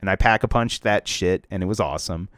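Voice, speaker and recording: A man's voice: low-pitched, brisk, fairly bright tone, no room sound, studio quality. A young man co-hosting a casual podcast about video games, rambling with lots of fillers and restarts. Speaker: podcast co-host.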